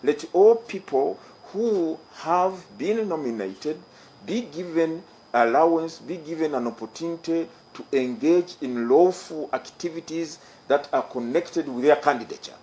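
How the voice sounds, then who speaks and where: A man's voice: a little high, animated, a little slow, darkish tone, slight background noise, low-quality recording. A middle-aged man with a Ugandan English accent, chairing an electoral commission and giving a formal press conference statement, emphatic and repeating his key phrases.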